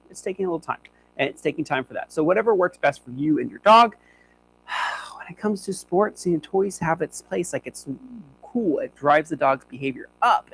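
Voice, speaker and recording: A man's voice: fairly high pitch, low-quality recording. A young man who trains dogs, demonstrating on a live stream in a chatty, upbeat way and talking to his dogs as he goes. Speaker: dog trainer. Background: faint hum.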